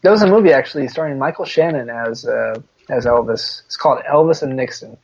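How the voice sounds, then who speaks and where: A man's voice: medium pitch, a little fast, gravelly, breathy edge. A man co-hosting a podcast in casual chat, rambling and laid-back, laughing often. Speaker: podcast co-host. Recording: dull lo-fi podcast audio.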